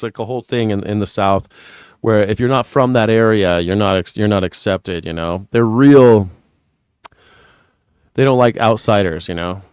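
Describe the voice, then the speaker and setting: Man, host, rambling profane commentary, clear smooth voice, dry close sound. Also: lowish voice, darkish tone, no room sound. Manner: rambling, profane, laughing at his own jokes. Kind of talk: casual news commentary.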